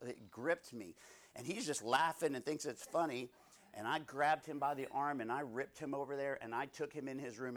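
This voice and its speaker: A man's voice: a little high, fairly bright tone. A man in his thirties leading a Bible study, preaching conversationally through personal stories and often asking his listeners "right?".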